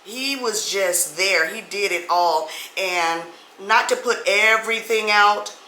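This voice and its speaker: A woman's voice: medium pitch, takes it slowly, pushed and bright, slight background noise. A middle-aged woman hosting a podcast, telling a personal story to her listeners in a chatty way, calling them guys and y'all. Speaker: podcast host. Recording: echoey room with faint ambience.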